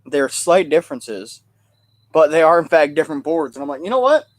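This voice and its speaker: A man's voice: on the high side, fairly even intonation, normal speed. A man hosting a casual livestream, rambling through stories and jokes. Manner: rambling storytelling, joking. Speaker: livestream host and Civil War reenactor.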